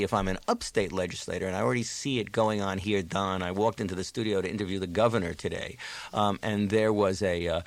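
A man speaking as a political analyst on a radio talk show, telling stories in an animated way. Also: lowish voice, dry recording. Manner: animated, storytelling with quoted voices.

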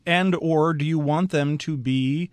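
A man hosting a radio book show, asking measured, courteous questions and closing the program. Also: on the high side, dry recording, clean studio sound. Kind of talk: radio interview.

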